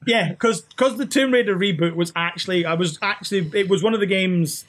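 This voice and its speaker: A man's voice: high voice, fairly quick, fairly bright tone. A man hosting a casual gaming chat, swearing, teasing and laughing a lot. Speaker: podcast host.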